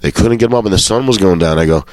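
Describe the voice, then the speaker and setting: A man's voice: sits low, very fast, a little mellow, dry recording. A comedian guest telling casual anecdotes, swearing freely and acting out the lines of people in his stories. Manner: swearing storyteller who acts out quotes.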